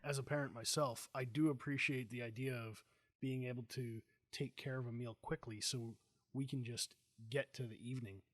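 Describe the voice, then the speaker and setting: A middle-aged man hosting a casual chat, telling animated, jokey stories. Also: mid-range voice, moderate pace, dry recording, studio quality. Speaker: host.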